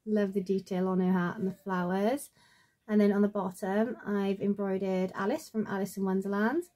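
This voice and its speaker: A woman in her thirties talks through her sewing projects at home. Her delivery is a chatty, meandering show-and-tell, with ums and trailing asides. Her voice sits at an ordinary middle pitch for a woman. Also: steady tone, moderate pace, mellow. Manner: chatty and rambling, with many fillers and trailing asides. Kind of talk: casual show-and-tell vlog.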